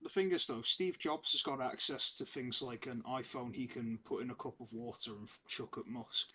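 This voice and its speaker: Man, bright forceful tone, argumentative, casual podcast banter. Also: mid-range voice, normal speed. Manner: argues points, talks over others. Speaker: podcast co-host. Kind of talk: casual group chat.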